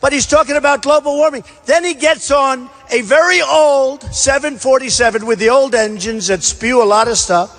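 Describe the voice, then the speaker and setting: A man's voice: very high voice, normal speed, hardly any pauses, fairly bright tone. A man giving a campaign rally speech, boastful and repetitive, hammering his points with punchy emphasis. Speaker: political candidate at a rally. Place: large indoor rally venue. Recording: long hall reverb at a rally.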